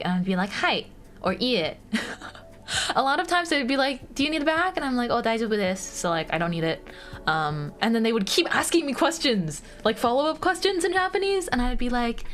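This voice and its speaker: A woman's voice: mid-range voice, fairly bright tone. A young American woman streaming casual chat, bubbly and giggly, with lots of fillers. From United States.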